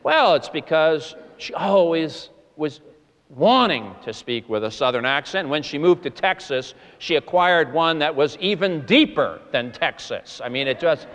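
A man's voice: on the high side, expressive, measured pace, a bit bright. Man preaching a sermon in a reverberant hall. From Boston. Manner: earnest, emphatic preaching with rising stresses. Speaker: pastor.

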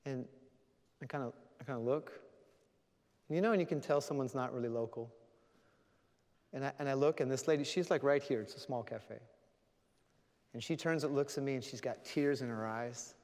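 A man's voice: medium pitch, moderate pace, pauses often, a little mellow. A man preaching a sermon, telling a story earnestly and closing in prayer. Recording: long hall reverb.

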